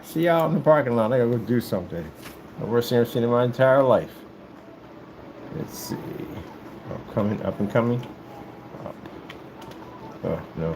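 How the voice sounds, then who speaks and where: Man vlogger, casual ramble, mid-pitched voice with big swings up into falsetto, faint room hum. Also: normal speed, long pauses. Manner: animated, jumps into high falsetto sing-song and joking voices. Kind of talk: casual rambling monologue while working.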